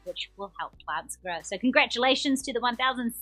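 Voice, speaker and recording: A young woman with a New Zealand accent hosts a live trivia stream, chatty and upbeat as she reads out viewers' comments. Her voice sits high and sounds bright and sharp. Soft music plays faintly behind her. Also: lively intonation, fairly quick. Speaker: quiz show host.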